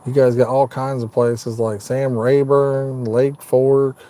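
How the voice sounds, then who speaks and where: A man hosts a live fishing stream from the cab of his truck at night. His voice is very dark and mellow, sitting at an ordinary pitch. He talks in an easygoing, folksy way, reading out viewers' comments and answering them like friends. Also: little pitch movement, slow. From Indiana, United States. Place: inside a parked truck at night.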